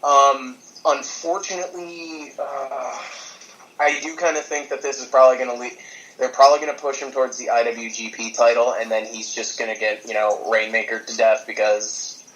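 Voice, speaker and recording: A man in casual podcast chat, animated and laughing often, swearing freely as he rants about wrestling. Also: mid-range voice, normal speed, poor audio. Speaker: podcast co-host.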